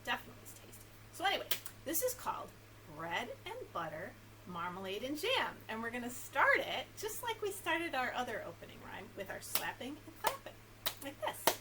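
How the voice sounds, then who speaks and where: A woman librarian hosting a children's story time, leading rhymes and stretches in a singsong, animated way. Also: high-pitched, brisk, very noisy. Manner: animated, singsong, leads rhymes and movement games.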